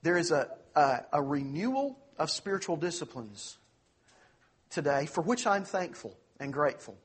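A man with a slightly raised, husky voice preaching in earnest. He leans hard on key phrases, drawing them out slowly. He then rushes through quick asides. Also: on the high side, very animated. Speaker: pastor. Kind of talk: sermon.

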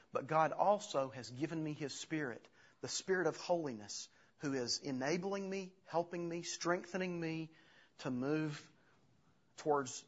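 Husky-voiced pastor preaching earnestly. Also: male voice, fairly high pitch. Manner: earnest, halting with restarts, retells scripture with acted quotes. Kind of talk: sermon. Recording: dull lo-fi sound.

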